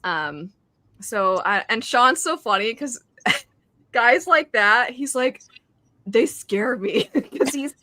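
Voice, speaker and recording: A woman's voice: on the high side, expressive, takes it slowly, pushed and bright, no room sound. A woman hosting a reading stream in casual chat, reading out chat messages and laughing often. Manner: chatty, reads chat aloud, laughs often.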